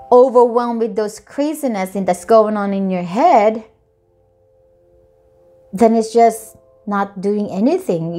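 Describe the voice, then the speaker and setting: A woman giving a tarot reading, talking in a reassuring way that repeats key phrases, with soft music behind her. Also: medium pitch. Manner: repetitive, reassuring. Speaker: tarot reader.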